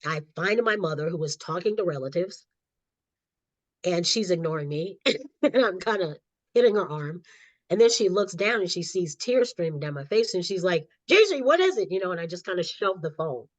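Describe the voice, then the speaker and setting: Animated storytelling middle-aged woman. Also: fairly low pitch, normal speed, no room sound. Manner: animated storyteller who laughs often. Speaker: guest, author and counselor. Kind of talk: personal storytelling in a podcast interview. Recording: slightly dull lo-fi audio.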